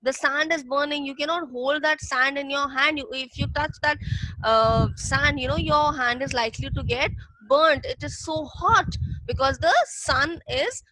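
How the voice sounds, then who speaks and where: A woman's voice: sits high, normal speed, sharp tone, no room sound, low-quality recording. A woman teacher explaining a lesson patiently, repeating key points for young students. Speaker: English teacher. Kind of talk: classroom reading lesson.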